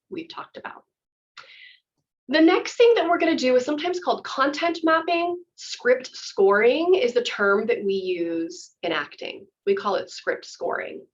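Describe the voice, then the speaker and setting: Enthusiastic woman teaching acting, lo-fi. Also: on the high side. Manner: enthusiastic, chatty, explanatory. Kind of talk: workshop instruction. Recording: dull lo-fi audio.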